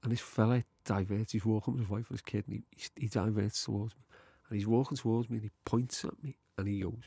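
Liverpool man, gravelly and husky, talks casually as a guest and rambles with fillers. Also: fairly low pitch, steady tone, fast, mellow, dry recording. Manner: rambling, full of fillers like "like" and "you know". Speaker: guest, TV writer. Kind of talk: casual storytelling chat.

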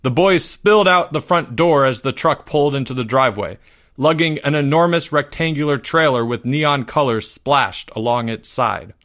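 A man hosting a podcast and reading a children's story aloud in a steady storytelling manner. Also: mid-range voice, normal speed.

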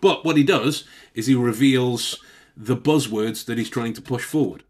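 In an offhand conversation, a man walks his co-host through body language, loose, profane, and quick to laugh. His mid-range voice has a darkish tone and normal speed, with slight background noise in the recording.

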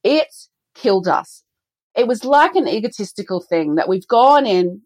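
Woman, middle-aged, animated storyteller, dry sound. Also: mid-range voice, moderate pace, no room sound. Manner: animated storyteller, acts out quoted dialogue. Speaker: business co-founder and guest. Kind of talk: conversational podcast interview.

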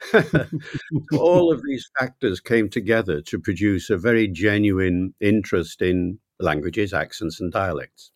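An older man from Wales, a linguist guest in an interview, telling anecdotes in a reflective, measured way. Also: lowish voice, expressive, no echo, studio quality. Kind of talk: relaxed interview storytelling.

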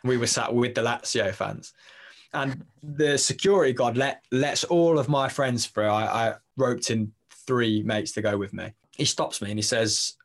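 A man's voice: mid-range voice, normal speed. A young English man with a London or Leicester accent, talking as a podcast guest in a rambling, self-interrupting, jokey way. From England. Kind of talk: casual interview chat.

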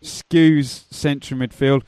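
A man's voice: medium pitch, steady tone, slow pace, dark tone, clean tone. A man hosting a football podcast, teasing his co-host and steering the talk in a playful way. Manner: playful, teasing, runs the show. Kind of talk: casual podcast banter.

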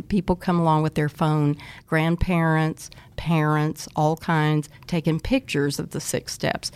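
A middle-aged woman, an early childhood educator, explaining teaching methods as an interview guest, acting out quotes in soft whispers. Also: low-pitched.

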